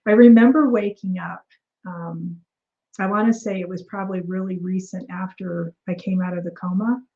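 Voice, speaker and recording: Mellow-voiced woman telling her story. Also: on the low side, normal speed, muffled recording. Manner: animated, acts out quoted dialogue, frequent fillers and restarts. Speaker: interview guest. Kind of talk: casual storytelling interview.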